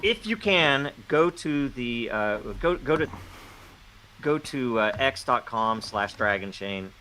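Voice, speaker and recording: A man joining a casual podcast chat, speaking haltingly with many fillers and restarts. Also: mid-range voice, expressive, sharp tone, slight background noise, poor audio. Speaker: guest.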